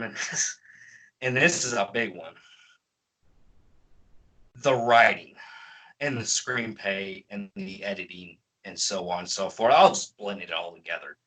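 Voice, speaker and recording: A man's voice: fairly low pitch, expressive, measured pace, long pauses, pushed and bright, poor audio. A man giving a profane, exasperated ranting movie review as a film reviewer.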